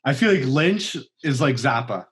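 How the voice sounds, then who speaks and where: A man's voice: medium pitch, very animated, moderate pace, a bit bright. A man chatting casually about films, hesitant and full of fillers. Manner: hesitant, filler-heavy, calls people bro. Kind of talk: casual chat about film.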